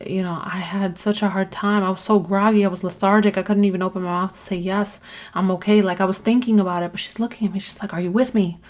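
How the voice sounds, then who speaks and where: A woman hosting her own podcast, talking candidly in a rambling personal monologue, swearing casually and trailing off mid-thought. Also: fairly low pitch. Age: adult with children. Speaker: podcast host.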